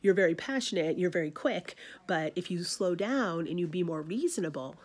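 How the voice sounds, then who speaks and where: A woman voicing a cautious older male priest in a play reading, urging a young man to slow down. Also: on the low side, slightly rough. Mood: cautioning. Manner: calm, advising moderation.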